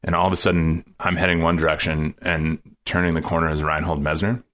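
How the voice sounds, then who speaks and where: A man's voice: extremely low pitch, flat delivery, a little fast, fairly bright tone. A man, a podcast guest, telling a story casually, rambling with many fillers and laughing as he goes.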